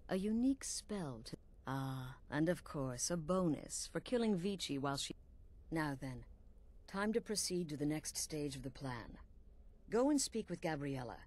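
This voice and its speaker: A woman's voice: deep voice, lively intonation, normal speed, a little mellow. An actress playing a stern female leader of an assassins' guild in a game, speaking in a grave, commanding way.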